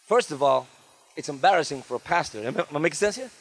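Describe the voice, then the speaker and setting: Preaching fervently as a guest pastor at a church service, a man talks fast in a fairly high, slightly rough voice. His sermon is full of lively story-telling asides and calls for amens.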